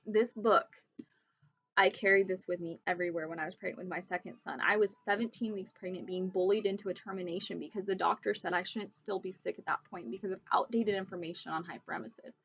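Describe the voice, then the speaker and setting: A woman's voice: mid-range voice, fairly even intonation, fast talker, vocal fry, a bit bright, muffled recording. A young woman vlogging from home, talking emphatically and emotionally as she urges viewers and shares her own experience. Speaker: vlogger sharing pregnancy illness resources. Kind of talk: earnest direct-to-camera vlog talk.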